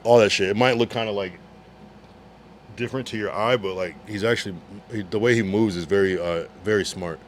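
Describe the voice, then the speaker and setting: Low-voiced laid-back male streamer. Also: a little hiss or hum. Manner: laid-back, reads out chat messages, slangy. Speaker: livestreamer reading chat. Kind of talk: casual livestream chat.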